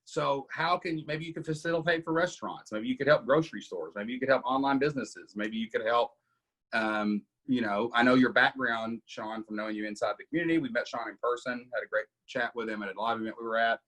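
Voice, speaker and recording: A man's voice: mid-range voice, a little fast, fairly bright tone. A middle-aged man hosting a casual coaching Q&A, emphatic and often asking "right?". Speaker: podcast host coaching members.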